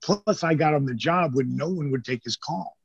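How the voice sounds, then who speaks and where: A gravelly, husky older man tells stories in a loose interview, jumping into the voices of the people he quotes and cursing freely. The sound is dry and dull, with a lo-fi edge from a remote recording. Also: fairly high pitch, moderate pace, dry recording. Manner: animated storyteller, acts out quoted voices, swears casually. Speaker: interview guest, former pro wrestler. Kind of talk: casual storytelling interview.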